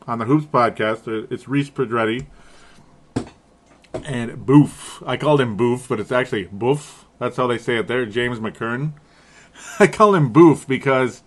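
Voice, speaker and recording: A man hosting a casual sports podcast, rambling and laughing often at his own slips. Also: mid-range voice. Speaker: podcast host.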